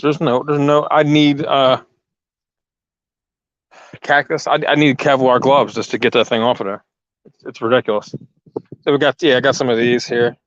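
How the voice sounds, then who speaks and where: A man talks loosely to his viewers while working outside, often stopping to restart his sentences. His voice sits at a middling pitch and comes through a lapel mic. The sound is dry and a little dull, with a lo-fi edge. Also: no echo. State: out of breath. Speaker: channel host. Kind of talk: casual live chat while gardening.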